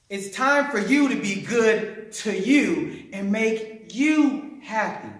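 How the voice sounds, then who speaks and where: A man delivers a humorous club speech, emphatic and punchy, repeating key lines for effect. His voice sits high and bright. The room adds a clear echo. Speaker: club speaker.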